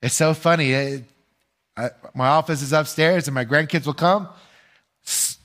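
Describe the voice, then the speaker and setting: An older man preaching a sermon as pastor, earnest and measured, asking his listeners rhetorical questions and pausing for answers. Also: fairly high pitch, fairly bright tone.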